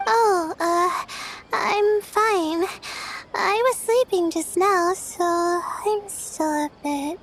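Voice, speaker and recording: A woman's voice: extremely high pitch, drawn-out words, slight background noise, heavily acted, rough recording. A woman voicing a shy, sleepy young student who stammers and apologizes a lot. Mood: flustered. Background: game music.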